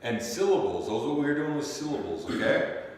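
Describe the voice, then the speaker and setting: A man's voice: fairly high pitch, very animated, fairly quick, darkish tone, distant mic, a little hiss or hum. Man teaching a class in an echoey room. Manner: checks in often with "okay?" and "you see?". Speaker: language teacher. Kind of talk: classroom lesson.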